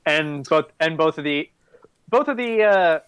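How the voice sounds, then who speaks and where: A man narrating as game master with a slightly high voice. He rambles casually, restarts his sentences and laughs along with his players. The mood is loose and jokey. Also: lively intonation, unhurried, a bit bright, clean tone.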